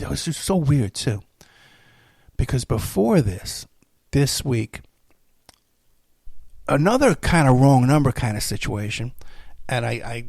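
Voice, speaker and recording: Gravelly podcast host guy rambling on, laughing and cutting himself off, mid pitch. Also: no room sound. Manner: rambling, laughing, self-interrupting. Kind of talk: casual storytelling monologue.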